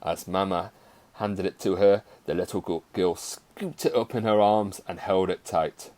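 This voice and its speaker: A male teacher reading a story aloud to his class in a playful, expressive way. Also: low voice, measured pace.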